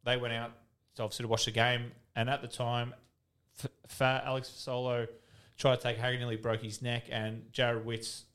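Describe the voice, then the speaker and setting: A man in his thirties with an Australian accent speaks at normal speed in a medium-pitched, bright, clear, resonant voice, with completely flat delivery. A retired footballer appearing as a podcast guest, he tells candid, rambling stories full of swearing and laughter.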